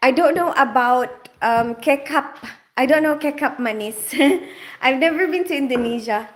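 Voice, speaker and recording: A woman's voice: sits high, normal speed. A woman from the Philippines hosting a casual live cooking stream, chatting in a rambling way with many fillers as she cooks. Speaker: livestream cooking host. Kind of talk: casual live cooking chat, reading comments.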